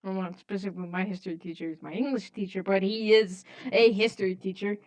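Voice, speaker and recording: A woman's voice: mid-range voice, fairly even intonation, fast talker, a little mellow. A teenage girl with a mid-height voice is chatting on a casual podcast. She teases her co-host and swears playfully as they trade jabs. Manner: teasing, laughing, sweary banter.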